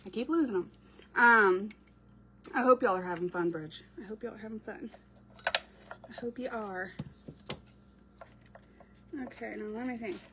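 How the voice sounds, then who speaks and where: A woman's voice: mid-range voice, unhurried, long pauses, background noise. A woman chatting casually while she crafts, answering viewers as she works. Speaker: craft creator. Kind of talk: casual crafting livestream chat.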